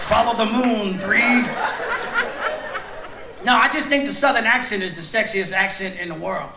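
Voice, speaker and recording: A man's voice: high voice, moderate pace, heavy background noise. A middle-aged man doing stand-up comedy, joking with and teasing the audience. He speaks into a stage mic in a large theater. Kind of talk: stand-up comedy with crowd work. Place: large theater on a cruise ship. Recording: echoey theater, loud crowd laughter. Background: audience laughing.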